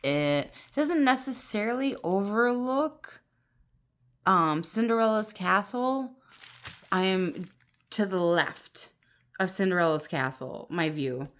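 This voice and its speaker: A woman filming a casual vlog on her phone at home, excitable and gushing, laughing often as she talks. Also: mid-range voice, takes it slowly. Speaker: vlogger. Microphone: phone camera on tripod.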